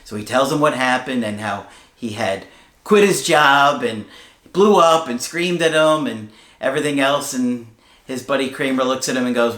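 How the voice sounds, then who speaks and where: Male coach, chatty advice talk, medium pitch, roomy reverberant sound. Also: animated, moderate pace, fairly bright tone. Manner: conversational, storytelling with fillers. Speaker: relationship coach. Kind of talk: casual advice talk to camera. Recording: roomy echo.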